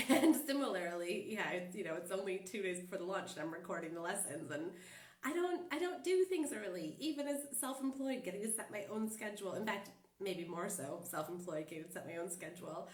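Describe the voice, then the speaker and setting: A woman's voice: mid-range voice, expressive, fairly quick. A woman coach with a stuffed-up cold, chatting casually and rambling with fillers and laughs. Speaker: life coach. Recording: roomy and distant from the mic.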